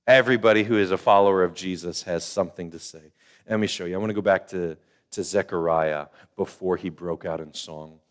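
An older man gives a sermon in a low, easy voice. He talks to the congregation conversationally, repeats phrases for emphasis and slips into the voices of the people in his story. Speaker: pastor.

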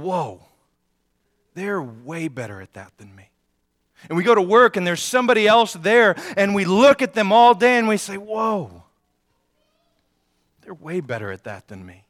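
A middle-aged man delivers a sermon from a church stage, his slightly raised voice swelling loud and dropping to near hush as he tells a story. The sound carries the long reverb of a big hall. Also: sits high. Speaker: pastor. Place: church sanctuary.

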